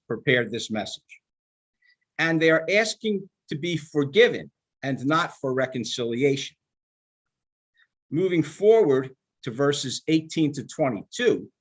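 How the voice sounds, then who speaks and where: An older man giving a sermon in a measured, emphatic manner, slowing down to stress quoted scripture. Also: fairly high pitch, fairly bright tone, slightly rough. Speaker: rabbinical student giving a sermon.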